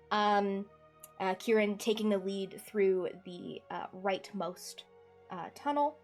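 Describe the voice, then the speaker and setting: Relaxed woman game master narrating. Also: medium pitch. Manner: relaxed, meandering scene description.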